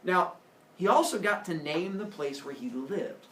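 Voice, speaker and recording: A man's voice: high voice, lively intonation, measured pace, a bit bright, distant mic, a little hiss or hum. Joking male teacher in an echoey classroom. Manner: joking, playful storytelling. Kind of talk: classroom lecture.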